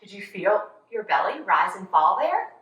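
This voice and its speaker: A woman's voice: medium pitch, sing-song, normal speed, fairly bright tone. A young woman leading a children's yoga class with a cheerful, sing-song, encouraging manner. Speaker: kids yoga teacher. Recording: very echoey room, voice from far off.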